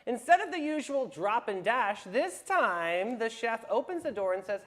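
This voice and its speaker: A woman's voice: fairly high pitch, sing-song, moderate pace. A woman with a Southern US accent hosting a casual talk show, leading segments and reading stories aloud with emphasis. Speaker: show host.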